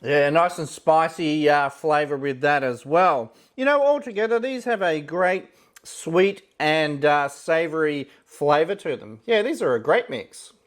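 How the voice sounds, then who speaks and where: A man reviewing ration food in a casual, relaxed commentary style. He thinks aloud as he tastes, often opening with "yeah, look" and pausing on fillers. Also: fairly high pitch.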